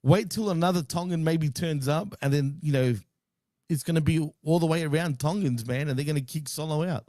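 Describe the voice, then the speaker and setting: Australian co-host, male, higher pitched yet dark-toned, laughing joker. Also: dry recording, studio quality. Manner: jokey, laughs often, halting restarts. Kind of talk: casual live-stream chat.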